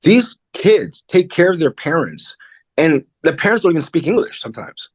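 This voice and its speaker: A middle-aged man, a comedian guest, telling a personal story in a candid, animated way and acting out the voices of the people in it. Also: fairly high pitch, normal speed, slightly rough, no echo. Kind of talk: casual interview storytelling.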